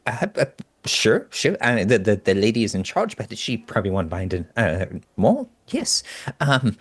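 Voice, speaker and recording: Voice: medium pitch, huge pitch swings, moderate pace, husky. A tabletop player voicing a timid, anxious puzzle-booth keeper who stutters and repeats words. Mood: flustered. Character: timid stammering small puzzle-booth keeper named Rote. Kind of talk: playing a character in a tabletop game.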